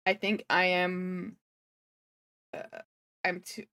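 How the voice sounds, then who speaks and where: A woman's voice: fairly low pitch, level tone, slow pace, bright, forceful tone, clear, resonant tone. A woman livestreamer chatting casually, rambling and thinking aloud as she reacts to clips. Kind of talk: casual reaction stream chat.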